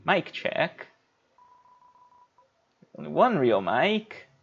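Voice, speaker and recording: A man's voice: fairly high pitch, big pitch swings, very slow, creaky, a bit bright, breathy edge, lo-fi sound. A man streaming a video game, chatting casually, rambling and swearing loosely while he plays. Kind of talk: casual livestream gameplay chat.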